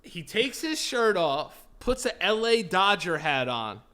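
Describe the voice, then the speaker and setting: A man's voice: high voice, unhurried. A man co-hosting a podcast, telling a story in casual chat with a lot of swearing, acting out the people in it. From Florida. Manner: animated, profane, acts out the people in his story. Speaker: podcast co-host.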